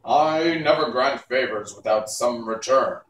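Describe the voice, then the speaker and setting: A man's voice: medium pitch, a little slow, a bit bright, echoey room, recorded from a distance, slight background noise, natural voice, rough recording. A man doing an imperious winged lady ruler. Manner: grand, imperious. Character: lovely winged lady ruler, cold and demanding.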